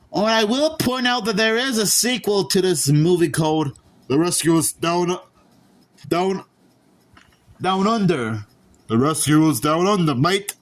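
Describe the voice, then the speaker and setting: Man, high voice, casual movie review, halting delivery, restarts words. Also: bright, forceful tone.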